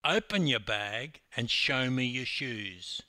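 A man's voice: medium pitch, expressive, slow pace, bright, forceful tone, dry recording, heavily acted. An older man voicing a stern, irritated male customs officer who talks curtly. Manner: curt, snapping, stiff.

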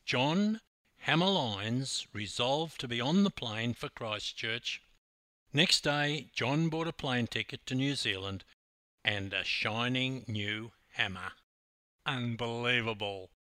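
A man's voice: medium pitch, lively intonation, slow, sharp tone, dry recording. An older man with an Australian accent, a swimming coach telling a story with wry humor. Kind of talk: storytelling narration.

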